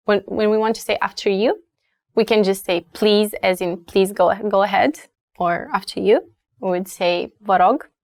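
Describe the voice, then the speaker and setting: A woman with a Romanian accent teaches a language lesson at an unhurried pace. She says each word slowly and repeats it for her learners, in a dry, close sound. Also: mid-range voice, darkish tone, dry recording.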